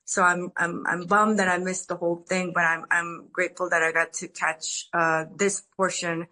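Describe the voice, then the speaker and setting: A woman's voice: on the low side, little pitch movement, moderate pace, pushed and bright. A woman asking a question at a recovery meeting over an online call. She speaks earnestly and rambles, with many restarts and "you know"s.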